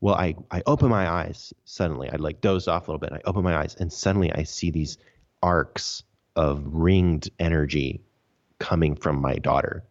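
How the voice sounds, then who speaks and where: A man's voice: very deep voice, fairly even intonation, normal speed. A man, a podcast guest, recounting his story earnestly and emphatically in a casual interview. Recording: dull lo-fi audio.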